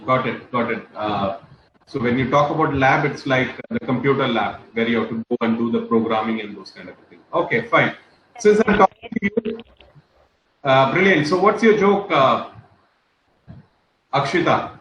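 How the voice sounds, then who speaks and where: A man hosts a relaxed group chat, talking on and on with plenty of fillers and repeats. His voice is bright and a little forceful. It echoes in a room and comes over a slightly dull line. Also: medium pitch, normal speed, a little hiss or hum. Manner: chatty, repeats himself, many fillers. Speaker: English class host.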